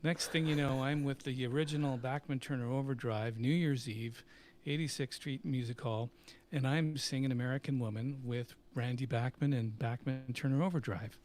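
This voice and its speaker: A man's voice: medium pitch, moderate pace, slight background noise. A middle-aged man, a company CEO and musician, telling stories in a live Q&A and acting out the voices of people he quotes. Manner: animated anecdote-telling, acts out quoted voices, laughs often. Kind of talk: casual storytelling in a live Q&A.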